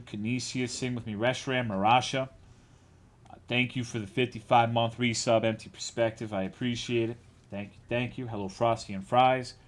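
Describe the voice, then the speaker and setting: A man streaming, casually greeting his chat, a bit tipsy and tired, joking and swearing as he teases viewers. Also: mid-range voice.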